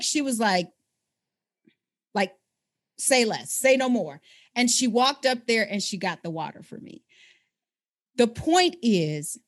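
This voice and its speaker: A woman co-hosting a podcast, telling a personal story in an animated, conversational way. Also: a little high. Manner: animated, acts out quoted people in her stories. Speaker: podcast co-host.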